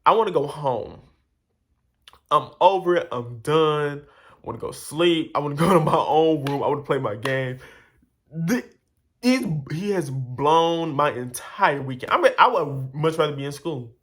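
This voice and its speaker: At a moderate pace and fairly high pitch, a man recounts something that happened to him, speaking to camera. The telling is loose and rambling, animated and exasperated, with many asides to the people watching.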